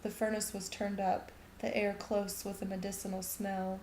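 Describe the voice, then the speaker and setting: A woman reading a short story aloud in a steady, even narrating voice. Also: mid-range voice, normal speed, slight background noise. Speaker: reader. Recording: echoey room.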